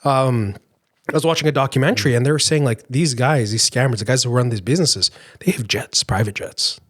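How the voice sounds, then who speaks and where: A young man from Canada chatting casually on a podcast as a guest, telling animated stories and acting out the people in them. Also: mid-range voice, fairly quick. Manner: animated storyteller, acts out voices and laughs. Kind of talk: casual chat.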